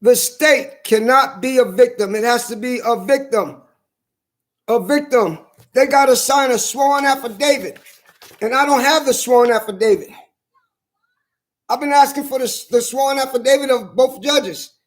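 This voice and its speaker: A man with a strikingly high voice rants with anger and plenty of profanity. He drives each point home by repeating it and slowing down to stress single words. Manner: angry, profane, emphatic repetition; slow hammering emphasis on key words. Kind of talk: heated monologue to camera.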